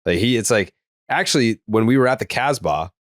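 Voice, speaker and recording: A man's voice: lowish voice, expressive, brisk, no room sound, studio quality. A man from the Boston area with a faint Boston accent, co-hosting a podcast and telling rambling stories with plenty of swearing and restarts. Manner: loose storytelling, swears freely, many likes and restarts. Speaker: podcast co-host. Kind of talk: casual chat.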